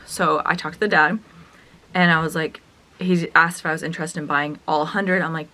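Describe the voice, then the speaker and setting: A young woman telling a storytime vlog as a reseller, chatty and animated, acting out the dialogue as she retells it. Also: low-pitched, a little fast. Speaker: reseller vlogger.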